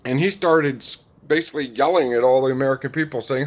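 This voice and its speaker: A man delivering a rambling casual monologue, chuckling often and filling pauses with "like" and "um". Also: a little high, animated. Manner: rambling, chuckling, many fillers. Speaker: commentator.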